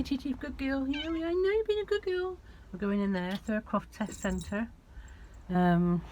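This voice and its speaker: A woman vlogging casually to camera from her van, chatty and rambling. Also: mid-range voice. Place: in and around a van. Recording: loud vehicle noise.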